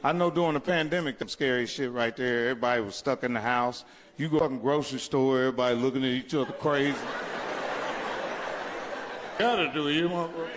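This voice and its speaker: A man doing stand-up comedy, telling profane stories loudly, laughing through them and acting out voices. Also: medium pitch, quick pace, big-room sound, noisy background. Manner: loud, laughing, acts out voices.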